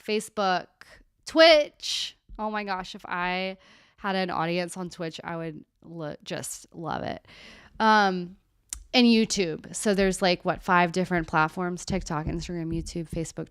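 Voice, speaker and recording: A young woman and therapist chatting candidly on her live Q&A stream, with animated asides. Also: lowish voice, unhurried, smooth, no room sound, clean studio sound.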